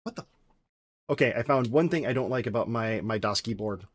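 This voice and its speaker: A man's voice: mid-range voice, a little fast, slightly rough. Man musing aloud on a dev stream. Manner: thinks aloud while coding, mutters to himself; friendly, thanks chat viewers directly. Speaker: game developer streaming live. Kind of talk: casual live-stream chat.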